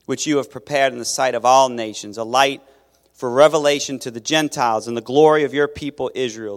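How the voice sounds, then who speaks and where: A man preaching a sermon as pastor, in a conversational way that restarts phrases and questions his listeners. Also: mid-range voice. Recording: long reverb of a large hall.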